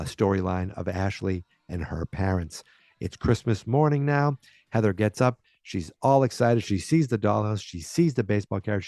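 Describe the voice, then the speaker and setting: A man's voice: fairly low pitch, a little mellow, dry recording, studio quality. A man hosting a podcast, casually recapping an episode in a rambling way with lots of fillers and restarts. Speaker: podcast host.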